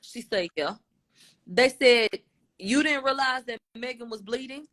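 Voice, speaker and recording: A woman's voice: a little high, a little slow. A woman radio host recounting court testimony in casual talk, quoting each question and answer. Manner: retells a dialogue, quotes each question and answer in a lively tone.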